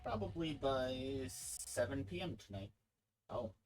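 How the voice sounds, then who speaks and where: A man's voice: mid-range voice, lively intonation, slow, a little mellow, faint music behind, poor audio. Man reading game dialogue aloud. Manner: reads text evenly, breaks off for casual comments. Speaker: streamer. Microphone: desk microphone.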